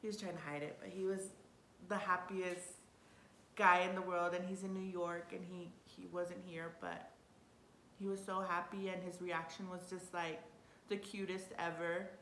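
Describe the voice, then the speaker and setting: Young woman vlogging, kinda low voice, chatty and excitable, laughs a lot, echoey room w faint rumble. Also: moderate pace. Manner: chatty and excitable, laughs often, trails off and restarts. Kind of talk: casual storytelling.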